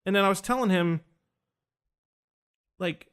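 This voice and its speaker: A man with a slightly raised voice tells a story in a relaxed podcast chat. He talks with animation and acts out the lines of the people in his story. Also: a little high, moderate pace. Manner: animated, acts out quoted dialogue. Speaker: podcast host recounting an experience.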